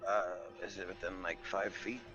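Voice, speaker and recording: A man's voice: low-pitched, level tone, moderate pace, muffled recording, over music. A man who is new to tabletop games, asking hesitant questions about his character's weapons. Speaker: new player. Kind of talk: casual chat during a tabletop game.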